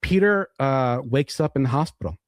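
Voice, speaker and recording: Animated man retelling a story. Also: moderate pace, no echo, clean studio sound. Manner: animated, acts out characters' lines with shifting pitch; loose, full of "you know" and "like". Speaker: podcast host explaining comics. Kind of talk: casual storytelling chat.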